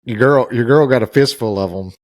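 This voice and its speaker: A man co-hosting a podcast in casual chat, chatty and quick with asides. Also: mid-range voice, dry recording, clean studio sound. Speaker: podcast co-host. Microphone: studio podcast mic.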